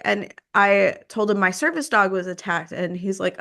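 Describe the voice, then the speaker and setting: A woman's voice: a little fast, few pauses. A woman podcast host, telling a story in casual conversation and acting out the quoted exchanges. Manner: animated, acts out quoted exchanges with rising pitch.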